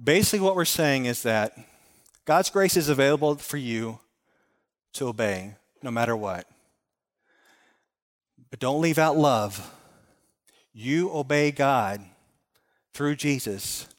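A man's voice: mid-range voice, animated, slow pace, long pauses. A man preaching in an echoing hall. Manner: earnest, storytelling, with repeated phrases and restarts. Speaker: pastor. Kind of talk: sermon. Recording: long hall reverb.

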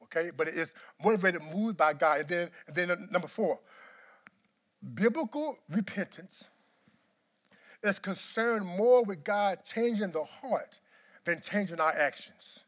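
A man preaching a sermon as pastor, swinging from quiet, low talk to shouted emphasis and repeating words to drive points home. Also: animated, a little slow.

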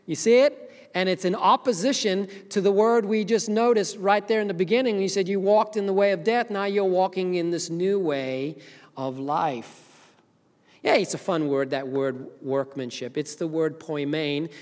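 Preaching Zimbabwean pastor in an echoing church. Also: male voice, sits high, normal speed. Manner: swings from loud preaching to quiet, earnest talk. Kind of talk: sermon. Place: church sanctuary. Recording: long reverb of a church hall.

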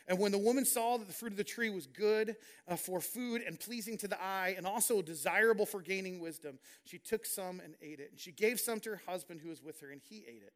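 A man's voice: sits high, brisk, fairly bright tone. A man preaching a sermon as a pastor, reading scripture and paraphrasing it in an earnest, conversational way.

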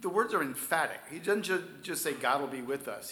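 Bright-voiced man preaching in an echoey room. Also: fairly high pitch, animated, a little fast. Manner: emphatic preaching, swings from loud stresses to soft near-whispers. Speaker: pastor. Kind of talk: sermon.

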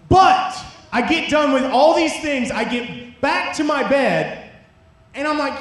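A young man with a very high-pitched voice, speaking at a moderate pace, delivers a casual youth sermon. He tells a story with animated energy, jokey asides and lots of "like," in a very echoey room.

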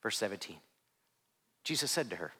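A man preaching a sermon in a conversational way, with self-deprecating asides, often dropping to soft hushed phrases. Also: on the low side, big pitch swings, normal speed, breathy edge. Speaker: pastor.

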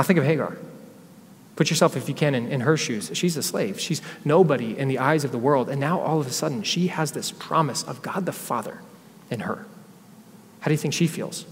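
A male pastor preaching a sermon, telling a scripture story and acting out what its people say. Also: mid-range voice. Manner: storytelling, acts out quotes from scripture figures. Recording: long reverb of a church hall.

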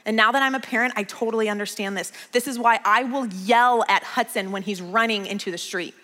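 A woman pastor preaching a conversational sermon with a bright, fairly high voice. She tells stories and repeats key lines for emphasis. The sound rings out in a long reverb. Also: fairly quick. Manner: storytelling, emphatic repetition.

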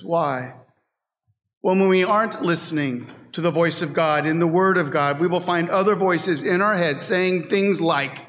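A man preaching a sermon as pastor, slow and deliberate, reading scripture and poetry dramatically. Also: on the high side, fairly bright tone. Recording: long reverb of a church hall.

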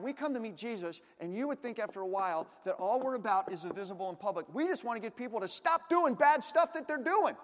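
A male pastor with a strikingly high voice delivers a sermon, swinging from punchy, emphatic lines to hushed, confiding asides. His words ring out with the long reverb of a large hall, as if carried through a church sanctuary. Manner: dynamic, swings between loud emphatic bursts and quiet asides.

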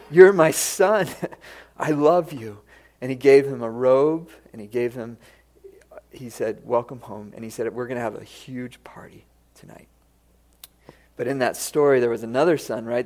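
A man preaching a sermon, telling a parable in a storytelling manner that often drops to a hush and then rises again. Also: medium pitch.

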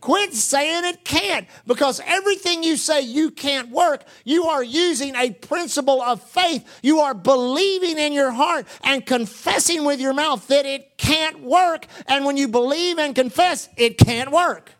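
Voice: high-pitched, measured pace, few pauses. A preacher delivering a sermon, repeating phrases for emphasis and quoting scripture in old-fashioned wording. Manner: animated, repetitive emphatic preaching with asides; quotes scripture in King James wording.

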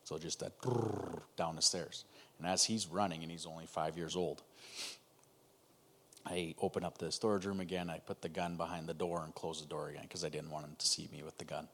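Deep-voiced man sharing a personal story. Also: flat delivery, fairly bright tone, slight background noise. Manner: emotional, halting storytelling with pauses and restarts. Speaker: guest telling his story. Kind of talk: personal testimony in a conversation.

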